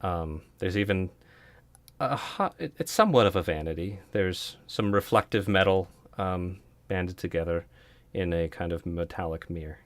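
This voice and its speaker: A man running a tabletop game as dungeon master, narrating scenes in a relaxed, hesitant way full of fillers. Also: deep voice, normal speed, dry recording.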